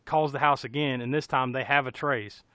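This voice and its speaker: A man's voice: medium pitch, steady tone, moderate pace, sharp tone, smooth, no room sound. Laughing, rambling American man recapping a film. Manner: rambling, laughing, profane storytelling. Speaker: podcast co-host. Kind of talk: casual film recap chat.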